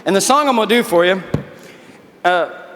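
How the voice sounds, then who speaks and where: A man who is an army veteran giving a motivational keynote speech, telling animated stories and acting out dialogue. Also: high-pitched, normal speed, in a large hall, a little hiss or hum. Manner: folksy, animated storytelling with quoted dialogue. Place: large convention hall.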